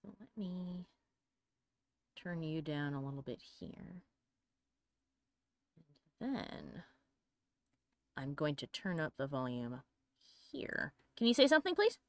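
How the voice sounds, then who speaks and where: A woman's voice: low voice, sing-song, slow pace, pauses often, dry recording. A woman hosting a let's play, chatting playfully and reacting aloud to the game at a desk mic. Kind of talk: casual gameplay commentary.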